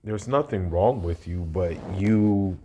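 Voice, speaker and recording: A man's voice: low-pitched, slow, warm tone, a little hiss or hum. A man reacting to a played video in casual, rambling commentary, often restarting and asking "you know what I mean".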